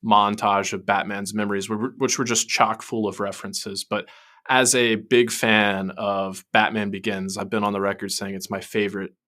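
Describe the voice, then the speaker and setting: A man co-hosting a podcast, chatting casually and animatedly about an animated episode, laughing often and quoting lines. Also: fairly low pitch, normal speed. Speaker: podcast co-host.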